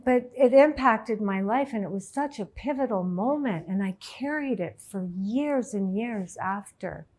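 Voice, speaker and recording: A middle-aged woman, a life coach, telling a personal story to an audience in an emotional, halting way. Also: mid-range voice, expressive, darkish tone. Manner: emotional, halting, tearful at times.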